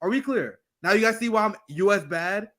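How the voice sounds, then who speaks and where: A man co-hosting a political commentary show, with a notably high voice. He talks bluntly and profanely, riffing on the news. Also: animated, fairly quick, a bit bright. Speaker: co-host.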